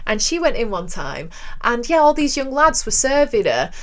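A woman's voice: on the high side, big pitch swings, moderate pace. A woman co-hosting a radio show, chatting casually and telling frank, self-mocking stories. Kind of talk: casual chat.

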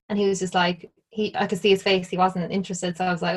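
A woman's voice: medium pitch, little pitch movement, fast, few pauses. Chatty Irish woman telling a story. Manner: chatty, full of "like", acts out quoted lines. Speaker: interview guest. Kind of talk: casual storytelling.

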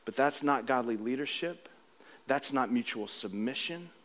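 A pastor preaching a sermon, animated and joking at times, then dropping into a low, earnest tone as he tells a story from his church. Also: normal speed.

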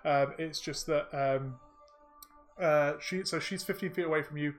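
A low-voiced woman runs a tabletop game as its game master. She talks loosely, with many ums and uhs. Faint music plays under her. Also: unhurried. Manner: filler-heavy, chuckling.

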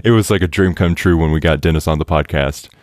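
A young man with a very deep voice hosts a casual podcast chat, talking excitedly and laughing often as he trips over fillers. The sound is dry and close, with no room around it. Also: fast talker, dry recording. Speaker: podcast host.

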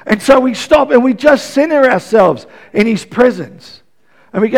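A man with a fairly high voice preaches to his church in a talky, conversational way, doubling words as he goes. He swings from quiet asides up to loud, pressing emphasis. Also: animated, moderate pace, creaky. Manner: conversational, repeats words and restarts, rises to loud emphatic passages. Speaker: pastor. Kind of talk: sermon.

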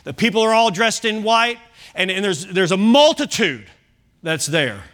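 A man preaching a sermon as pastor, emphatic, with big swings in loudness and chatty asides and self-corrections. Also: high voice, expressive, moderate pace.

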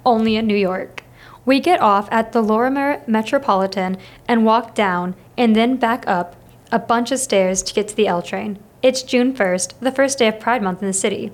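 A woman narrating a novel in first person, steady and expressive, as an audiobook reader. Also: a little high, normal speed.

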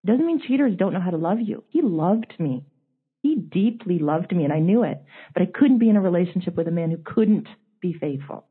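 A woman in her forties recounts a heartbreak in an open, confessional way. Her voice is husky and breathy. She sounds as if heard over a narrow, phone-like line. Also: on the low side, fairly quick. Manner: emotional, confessional, quotes others in animated voices. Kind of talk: candid storytelling chat. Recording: tinny phone-line audio.

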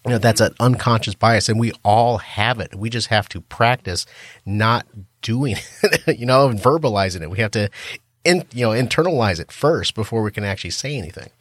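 A man speaking as a podcast guest in a thoughtful, measured way. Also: on the low side, expressive, dry recording, clean studio sound. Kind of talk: casual podcast chat.

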